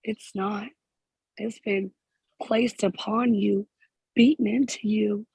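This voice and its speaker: A spiritual healer in emotional counseling, close to tears and halting, with phrases repeated again and again. The voice is gravelly and husky, with a mellow, dark tone. The pitch stays flat and even throughout. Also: dry recording, low-quality recording. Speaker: spiritual healer addressing a group member.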